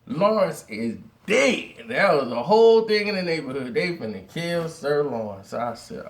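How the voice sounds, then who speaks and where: A man telling a street story in slangy, lively talk, with laughing asides and acted-out voices. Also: fairly high pitch, normal speed. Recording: roomy echo.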